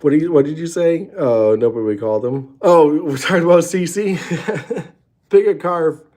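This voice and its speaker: A man's voice: a little high, normal speed, dark tone. A man hosting a casual late-night livestream from a hotel room, rambling and swearing with many restarts. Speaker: show host.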